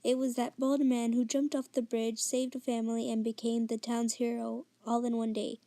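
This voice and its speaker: Soft-spoken woman reading a storybook. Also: fairly high pitch, little pitch movement, moderate pace, dry recording. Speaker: narrator. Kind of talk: audiobook reading of a short story.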